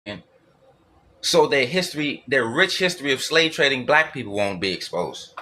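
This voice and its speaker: A man holding forth alone in a bright, forceful voice. He talks bluntly and profanely, looping back to repeat his points as he goes. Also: medium pitch, animated, normal speed. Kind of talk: solo ranting monologue.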